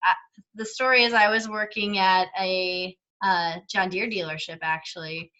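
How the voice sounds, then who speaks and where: Bright-voiced woman telling a story. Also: medium pitch, steady tone, moderate pace, lo-fi sound. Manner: giggly storytelling. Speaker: guest. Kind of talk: casual chat.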